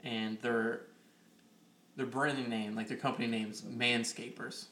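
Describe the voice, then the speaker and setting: A man trades stories with his co-host in a loose, profane podcast chat. He gets animated and acts out the people in his stories. His voice sits at a middling pitch, and the room rings with noticeable echo. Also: measured pace, slight background noise. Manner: profane, animated anecdote-teller acting out quotes. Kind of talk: casual chat, storytelling. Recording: roomy echo.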